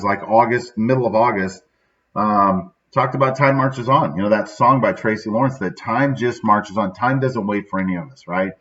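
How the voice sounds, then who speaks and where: A man's voice: medium pitch, a bit bright. Sad, reflective man with a muffled, distant sound. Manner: casual, reflective, peppers speech with "right?". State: sad, subdued. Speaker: podcast host. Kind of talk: daily motivational talk.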